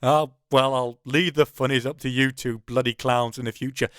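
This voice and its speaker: A man voicing an emotional, gruff older man who swears fondly. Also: medium pitch, steady tone, normal speed, a bit bright, no echo, studio quality, close to an everyday voice. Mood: gruff, wry.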